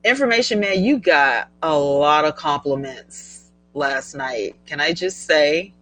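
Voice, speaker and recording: A middle-aged woman hosting a casual live stream, chatty and animated, laughing often as she reads viewer comments. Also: low-pitched, dry recording, low-quality recording. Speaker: livestream host.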